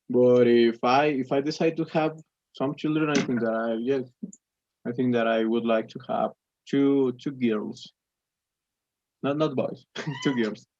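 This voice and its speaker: This English student is a young native Spanish speaker with a medium-pitched, slightly mellow voice. His conversation practice is halting, packed with fillers and false starts, and it comes through as dry, close, dull lo-fi call audio without any echo.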